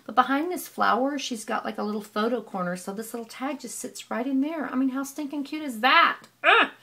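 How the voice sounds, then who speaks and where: Gushing woman with vocal fry. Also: on the high side, a bit bright. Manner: gushing, effusive, repeats praise words. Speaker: scrapbooking vlogger. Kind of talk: casual show-and-tell of craft pages.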